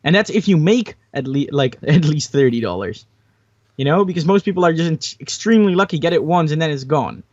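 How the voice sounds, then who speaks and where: A man's voice: a little high, expressive, brisk, darkish tone, no echo. Young male podcast host, hesitant and opinionated, muffled dry home mic. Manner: hesitant, many fillers and restarts, opinionated. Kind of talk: casual podcast chat.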